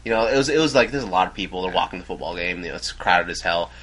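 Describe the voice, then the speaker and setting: A young American man rambles in an animated way, his pitch jumping around. His voice is bright and a little husky. It is a loose, casual chat. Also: very fast, low-quality recording. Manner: rambling, animated, laughs loudly. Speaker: podcast co-host. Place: dorm room.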